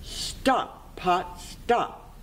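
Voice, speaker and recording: A storyteller voicing a poor, hungry little girl in a high, childlike voice. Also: extremely slow, far from the mic, a little hiss or hum. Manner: pleading, then excited.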